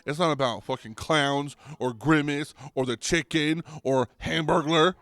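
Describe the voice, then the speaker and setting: A man's voice: unhurried, dry recording. Profane rambling young podcast guy. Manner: rambling, profane, restarts, goes loud and high when riled. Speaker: podcast host. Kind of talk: comedic rant.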